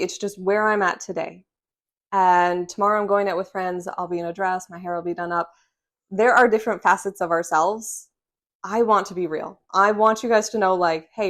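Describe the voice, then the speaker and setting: A woman, a respiratory therapist, talking frankly and reassuringly to her phone camera at home, often checking in with "okay?" and "right?". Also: medium pitch. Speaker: respiratory therapist sharing breathing tips. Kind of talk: casual direct-to-camera vlog. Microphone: phone camera under ring light.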